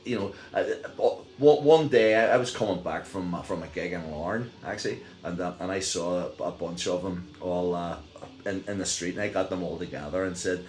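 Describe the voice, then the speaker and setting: A middle-aged Northern Irish man tells a story in a loose, rambling way, full of fillers and restarts. His voice sits very low, and the room around him sounds echoey. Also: moderate pace. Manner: rambling, many fillers and restarts, chuckles while telling. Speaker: vlogger. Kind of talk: casual storytelling.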